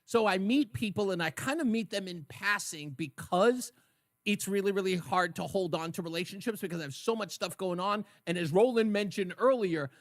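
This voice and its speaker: A man hosting a call-in talk radio show, lively and laughing at his own jokes. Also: high voice, normal speed, dry recording. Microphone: studio microphone.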